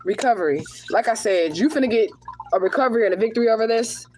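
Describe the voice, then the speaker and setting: Over a noisy background, a spiritual reader talks fast in a slightly high voice during a live tarot reading and rant. She is blunt and uses a lot of profanity.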